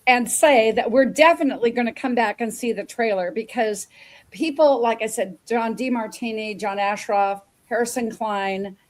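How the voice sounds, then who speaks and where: A woman hosts a talk show with a slightly high voice. She gushes and rambles, doubling back on words as she chats with her guest. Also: moderate pace. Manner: effusive, repeats words, rambling asides. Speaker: show host. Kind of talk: enthusiastic interview chat.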